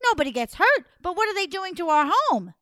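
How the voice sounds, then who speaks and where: A woman doing a high, pleading young princess. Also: sing-song, fairly quick, sharp tone, no room sound, studio quality, heavily acted. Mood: alarmed. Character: anxious young princess sister.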